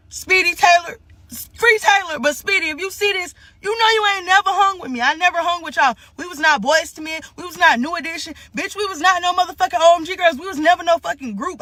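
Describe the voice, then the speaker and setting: A woman's voice: high-pitched, sharp tone, no room sound. A woman, ranting to camera in an angry, profane, emphatic way. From Columbia, South Carolina. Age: 20s. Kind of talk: casual rant to camera.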